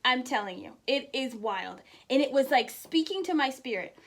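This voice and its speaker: High-voiced woman hosting a chatty live stream. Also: expressive, normal speed, fairly bright tone. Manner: chatty, laughs often, greets viewers by name. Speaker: host of a weekly live show. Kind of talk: casual inspirational live stream.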